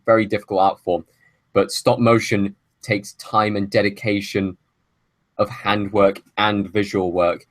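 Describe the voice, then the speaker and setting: A man with a lowish voice hosts a film podcast, making long, opinionated arguments in casual conversation. There is no room sound.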